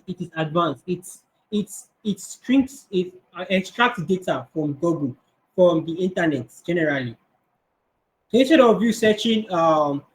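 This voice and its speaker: A man's voice: on the high side, poor audio. A man, teaching kids coding on a video call and answering their questions, his voice a bit strained. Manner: conversational, answers questions, restarts often. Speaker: coding instructor. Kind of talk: online class Q&A.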